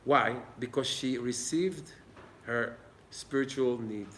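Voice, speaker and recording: A man's voice: mid-range voice, slow pace, fairly bright tone, slight background noise. A man giving an informal Torah class in an old synagogue, earnest and plain-spoken. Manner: earnest, plain-spoken, acts out little dialogues. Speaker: Torah teacher.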